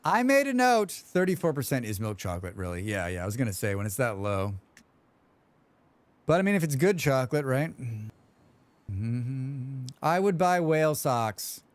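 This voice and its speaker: Streaming a game live, a man chats loosely with viewers, rambling, reading the chat aloud and humming to himself between comments. His medium-pitched voice is expressive at a normal speed with frequent pauses, in a dry recording.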